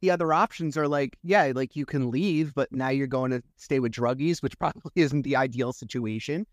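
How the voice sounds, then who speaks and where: A man's voice: mid-range voice, a little fast, no echo. A man hosting a podcast, asking brief, sympathetic questions. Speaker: podcast host. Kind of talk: interview questions.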